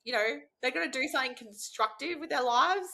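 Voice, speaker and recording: A woman's voice: sits high, fairly quick, gravelly, sharp tone. A woman hosting a podcast, chatting casually, swearing freely and laughing often. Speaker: podcast host. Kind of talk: casual chat.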